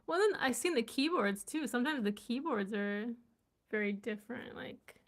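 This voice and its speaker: A woman's voice: on the high side, expressive, moderate pace. A woman language vlogger chatting casually as she reads and sounds out unfamiliar words, curious and laughing at herself. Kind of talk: casual live reading and chat.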